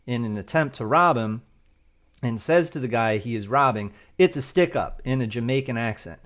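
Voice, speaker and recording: A man's voice: mid-range voice, fairly bright tone. Rambling man explaining his prompts. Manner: loose and rambling, tags lines with "right?". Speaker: video creator explaining AI prompts. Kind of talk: casual tutorial talk.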